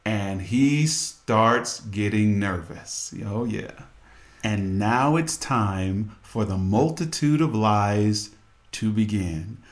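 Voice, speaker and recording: A man's voice: fairly low pitch, slow. A man hosting a podcast, telling a story and making earnest, preachy appeals to his listeners. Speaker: podcast host and musician. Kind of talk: storytelling radio talk with scripture.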